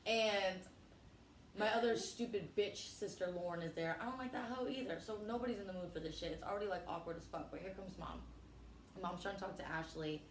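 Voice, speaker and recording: A brash, foul-mouthed woman tells a chaotic family story, leaping into the voices of everyone involved. Her pitch sits mid-range. The sound is roomy and echoey, with a faint hiss behind it. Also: brisk. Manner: brash, profane, animated storytelling with acted quotes. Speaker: comedian guest. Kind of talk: casual storytelling chat. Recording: echoey room with faint noise.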